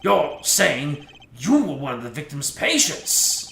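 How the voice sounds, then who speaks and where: A man voicing a brash young male street-tough defendant who talks with slangy swagger, pitched higher than his own voice. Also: big pitch swings, slow, vocal fry, pushed and bright, echoey room, slight background noise, full character voice. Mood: boastful.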